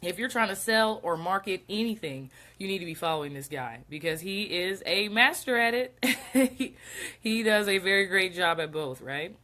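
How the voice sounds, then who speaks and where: Congested young woman doing a casual live, chatty, keeps saying hi to viewers, medium pitch. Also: expressive, moderate pace, sharp tone. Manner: chatty, greets viewers mid-sentence. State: congested and short of breath. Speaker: host of a real estate livestream. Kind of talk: casual live-stream talk.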